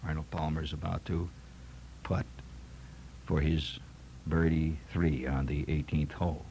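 A man putting on the voice of a reverent golf TV announcer in a hushed whisper, as whispered role-play. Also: very deep voice, little pitch movement, unhurried, creaky, slight background noise, voice pushed down, exaggerated voice.

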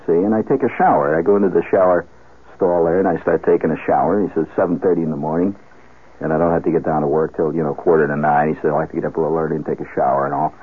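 A man telling a rambling comic story on the radio, animated and full of asides and restarts. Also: sits low, fast, husky. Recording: tinny phone-like old radio broadcast.

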